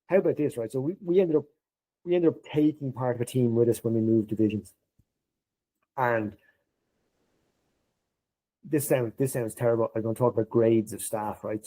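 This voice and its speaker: A middle-aged man chatting as a podcast guest, his voice very dark and husky. He tells his stories lively, jumping up in pitch whenever he plays out someone's lines. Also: low-quality recording. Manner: animated, acts out quoted dialogue in a raised voice. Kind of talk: casual storytelling conversation.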